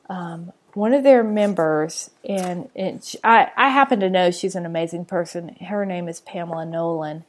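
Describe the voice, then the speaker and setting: Woman, podcast host, casual chatty monologue, fillers and asides, mid-pitched voice. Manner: chatty, with frequent fillers, asides and soft laughs. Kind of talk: casual solo podcast chat.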